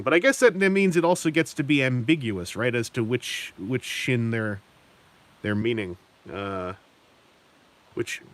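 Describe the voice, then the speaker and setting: A man casually chatting on a live stream while painting miniatures, rambling and correcting himself with chuckling asides. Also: medium pitch.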